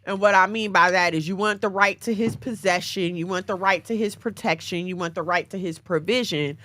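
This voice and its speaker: A woman's voice: lowish voice, a little fast, fairly bright tone, no room sound. A woman co-hosting a casual chat, explaining her view through everyday examples in a conversational way. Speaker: podcast co-host.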